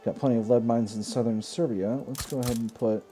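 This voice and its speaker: A man's voice: medium pitch, steady tone, fairly quick, warm tone, soft background music. A man hosting a strategy game let's play, talking casually and thinking aloud with asides and self-corrections. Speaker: gaming video host.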